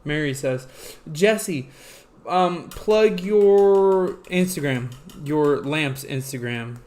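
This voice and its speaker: A man's voice: fairly high pitch, expressive, very slow, darkish tone. A man hosting a casual livestream, rambling with many fillers and casual swearing. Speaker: livestream host.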